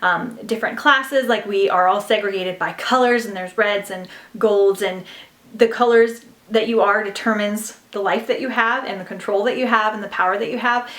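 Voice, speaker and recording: A woman's voice: mid-range voice, normal speed, a bit bright. A young woman chatting casually about books she listened to, gushing and full of fillers. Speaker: book vlogger. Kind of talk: casual book review chat. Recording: roomy echo.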